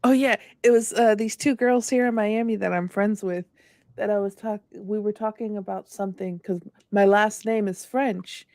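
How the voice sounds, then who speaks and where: A woman's voice: medium pitch, steady tone, normal speed, darkish tone, no echo, clean studio sound. A young woman from South Florida, co-hosting a casual chat, telling stories and laughing often. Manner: chatty storyteller who laughs often. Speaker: podcast co-host. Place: home in Miami.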